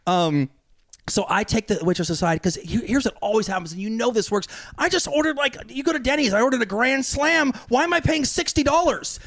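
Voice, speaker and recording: A man with a high, light voice and a quick, rattling delivery tells stories on a podcast. He jumps into quoted lines and acts them out. His voice sits close and dry, with no room around it. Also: a bit bright, dry recording. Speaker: podcast guest, actor. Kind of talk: casual chat. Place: podcast studio.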